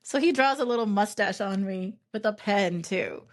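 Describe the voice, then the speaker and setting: A woman hosting a podcast who tells a family story in an animated, rambling way, with plenty of swearing. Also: medium pitch, moderate pace. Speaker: podcast host. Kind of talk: casual storytelling chat.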